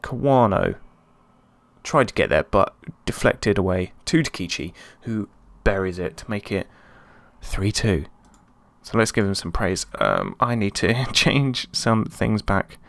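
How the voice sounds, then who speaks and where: A man excitable, gravelly gamer. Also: on the low side, a little slow, no echo. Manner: excitable, chatty, swings between calm and yelps. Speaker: let's play host. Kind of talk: casual gameplay commentary.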